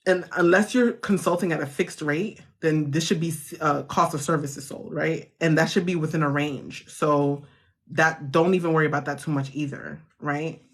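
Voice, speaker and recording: A woman's voice: low-pitched, steady tone, normal speed, husky. A woman hosting a live chat about grant funding, talking casually and reassuringly to viewers, often laughing and restarting her sentences.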